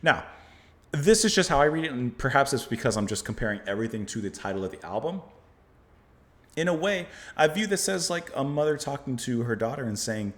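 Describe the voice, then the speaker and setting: Animated man reflecting aloud as a reaction host. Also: mid-range voice, fairly quick. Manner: reflective, thinks aloud with fillers and restarts. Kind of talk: album reaction commentary.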